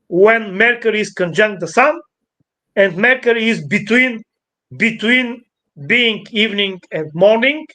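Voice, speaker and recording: A man, an astrologer, talks through an ancient myth while pointing out a sky chart. He speaks very slowly and haltingly, often restarting and repeating his phrases as he works out how to put things. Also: high voice, a bit bright. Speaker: astrologer interviewee.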